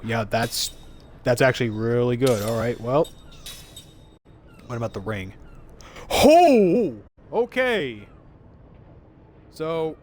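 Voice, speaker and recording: A man streaming a video game live, talking to his chat in an excitable way and swearing often. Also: a little high, a little hiss or hum. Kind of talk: live-streamed gameplay commentary.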